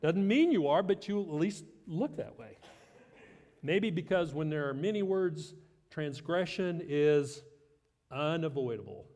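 A man's voice: on the high side, animated, measured pace, a little mellow, long reverb tail. A middle-aged man preaching a sermon as pastor, conversational and self-deprecating with light humor.

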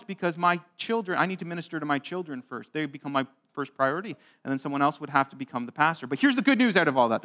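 A male pastor with a high, slightly bright voice gives a kid-friendly sermon in church. He mentions growing up on a farm and keeps things conversational, asking the congregation questions.

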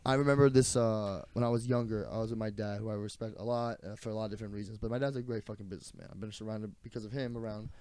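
A man's voice: lowish voice, steady tone, racing, hardly any pauses, a little mellow, clear, resonant tone. A young man telling a story in casual podcast chat, swearing freely and acting out the quotes. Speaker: podcast co-host.

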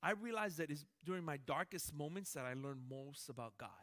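A man preaching a sermon as pastor, animated, swinging between loud emphatic lines and hushed ones. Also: a little high, brisk.

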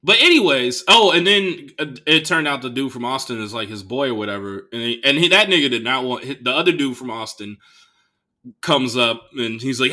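A young Bay Area man, a podcast host, delivers a casual storytelling monologue in a loose, profane style, talking a little fast. His bright, forceful voice jumps sharply in pitch when he gets worked up.

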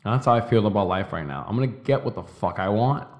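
Young male podcast host, lowish voice, intense and profane, slow hammered-out declarations. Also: expressive, a little mellow. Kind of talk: motivational monologue.

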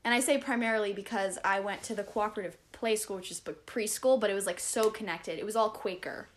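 A woman's voice: mid-range voice, fast talker, a little hiss or hum. A young woman hosting a podcast, chatting casually with a friend and rambling with lots of fillers. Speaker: podcast host. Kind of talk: casual chat.

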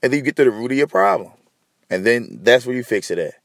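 A man's voice: medium pitch, very animated, brisk, gravelly, fairly bright tone, no room sound, studio quality. A man hosting a solo podcast, ranting bluntly and profanely while talking straight to his listeners. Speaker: podcast host.

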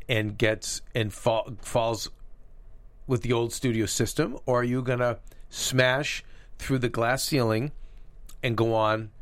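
Man, middle-aged, co-host, animated rambling recap talk, mid pitch, dry close sound. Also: dry recording. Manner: animated, rambling, with frequent restarts and acted-out quotes. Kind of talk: casual TV recap chat.

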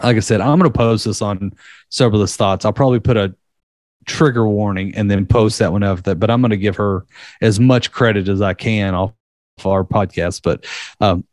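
A man's voice: fairly low pitch, moderate pace, no room sound. Rambling, profane man, dry close sound. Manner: rambling, profane, laughing at dark material. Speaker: podcast co-host. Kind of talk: casual podcast chat.

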